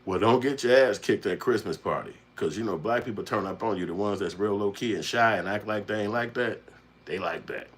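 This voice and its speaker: Laughing husky-voiced man reading chat aloud. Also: lowish voice, fairly quick. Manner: loud laughing, reads comments aloud, slangy. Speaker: livestream host reading chat. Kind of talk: casual livestream chat.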